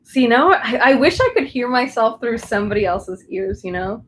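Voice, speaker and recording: A young crafting livestreamer with a Southern Californian accent chats casually with viewers from home, rambling and frequently restarting. Her fairly high, fairly bright voice has lively intonation and a moderate pace, and the low-quality recording has a little hiss or hum.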